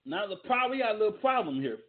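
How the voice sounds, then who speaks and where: A man with a high, sing-song voice speaks in rapid-fire fashion while hosting a casual wrestling talk. He's emphatic and loose, repeatedly asking rhetorical questions, and mixes his commentary with ad reads. The audio is tinny and phone-like.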